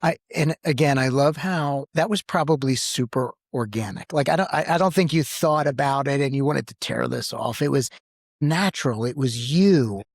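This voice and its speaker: Male podcast co-host, paramedic, lively storyteller, dry close-miked sound. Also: moderate pace, gravelly, no echo. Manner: animated storyteller, acts out quotes with big pitch jumps. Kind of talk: storytelling in casual podcast chat.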